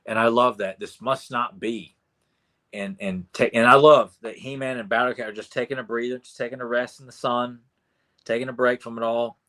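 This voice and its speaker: An enthusiastic man co-hosting a casual review podcast, speaking at an ordinary mid pitch. He retells each scene with lively energy and plain, friendly talk. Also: a little fast. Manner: enthusiastic, animated retelling with acted quotes. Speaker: podcast co-host. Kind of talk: casual episode review chat.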